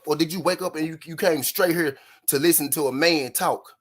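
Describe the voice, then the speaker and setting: A man's voice: a little high, brisk. A man from Memphis, Tennessee, hosting a live stream and taunting his chat with mocking, repeated jabs and frequent laughter.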